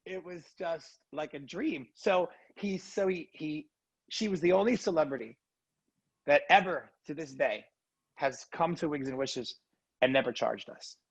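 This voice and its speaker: Gravelly-voiced earnest man. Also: a little high, dry recording, muffled recording. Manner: earnest, emotional, quick asides like "right?". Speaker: interview guest. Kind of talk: heartfelt casual storytelling.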